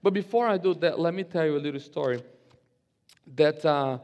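Man, pastor, sermon, fairly high voice, echoey hall. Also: darkish tone, highs cut off. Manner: builds to slow, emphatic, raised scripture reading. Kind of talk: sermon with personal story. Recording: reverberant hall with faint music.

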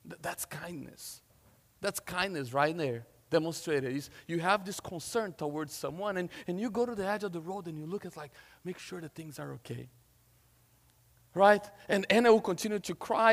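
High-pitched pastor guy telling a story in his sermon, loud then quiet, long echo in a big hall. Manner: storytelling, swings from loud to hushed.

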